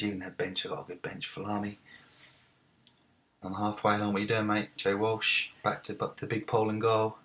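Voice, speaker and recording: Low-voiced man commentating a football game. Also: fairly quick. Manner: excitable, shouts at big moments. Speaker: gaming video host. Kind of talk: let's-play commentary.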